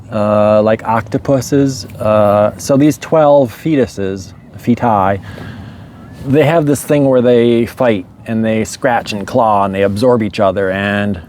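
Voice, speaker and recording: A man telling a story in a relaxed, rambling way, chuckling often. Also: fairly low pitch, a little hiss or hum. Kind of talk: casual storytelling monologue.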